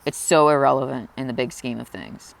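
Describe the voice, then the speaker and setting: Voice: medium pitch, fairly quick, gravelly. A person in their twenties speaking earnestly and openly in a confessional personal vlog, reflective and emotional. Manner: emotional, close to tears at times. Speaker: vlogger.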